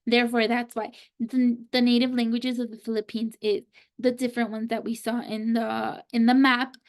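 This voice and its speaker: A woman giving a slide presentation, talking in a halting way with frequent pauses and fillers. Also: a little high, level tone. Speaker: student presenter.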